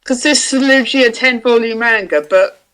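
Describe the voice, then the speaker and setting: A woman's voice: a little high, brisk, fairly bright tone, smooth. A woman from Britain co-hosting a podcast in casual chat, giving short, understated replies. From United Kingdom. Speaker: podcast co-host.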